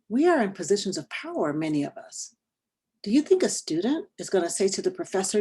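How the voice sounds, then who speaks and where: Gravelly, husky woman leading a training. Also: fairly low pitch, animated. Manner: earnest, deliberate, trails into a soft near-whisper at the end of points. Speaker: workshop trainer. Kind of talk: online training presentation.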